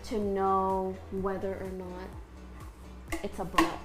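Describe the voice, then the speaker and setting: A young woman chatting as a guest in a kitchen, animated and blunt, laughing often and swearing freely. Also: mid-range voice, slow pace, faint music behind. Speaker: guest streamer. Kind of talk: casual chat.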